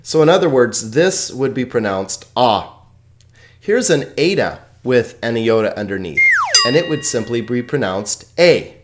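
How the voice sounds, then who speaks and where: A man teaching Greek in a recorded video lesson, chatty and joking, slowing down to carefully pronounce example words. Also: mid-range voice, animated, a little hiss or hum. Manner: chatty, joking, laughs at own puns.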